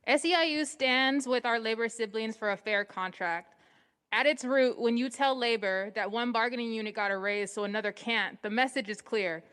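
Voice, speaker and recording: A woman's voice: fairly high pitch, fairly bright tone, clean tone. A woman union representative firmly reading a prepared statement at a board meeting. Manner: firm, declarative. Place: public meeting room. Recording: long hall reverb.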